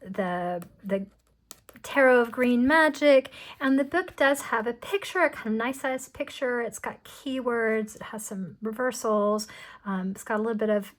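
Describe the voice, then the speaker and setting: A woman casually showing tarot decks, chatty and rambling with many ums and restarts, often dropping to a soft murmur. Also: on the high side, unhurried. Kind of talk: casual show-and-tell.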